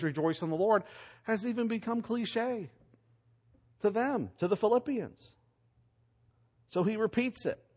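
A man preaching a sermon, emphatic, asking rhetorical questions and swinging between loud lines and soft ones. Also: fairly high pitch. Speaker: pastor.

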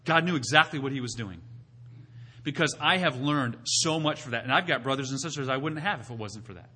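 A male pastor preaching a sermon, asking his listeners rhetorical questions and rising to loud, emphatic peaks before dropping back to quiet teaching. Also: medium pitch, lively intonation, fairly quick, slight background noise. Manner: asks the congregation rhetorical questions.

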